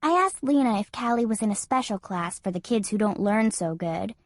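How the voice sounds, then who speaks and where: A woman's voice: medium pitch, animated, brisk, dry recording, clean studio sound, natural voice. A woman narrating an audiobook as a frightened seven-year-old girl, in an earnest, childlike first-person telling. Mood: worried, earnest.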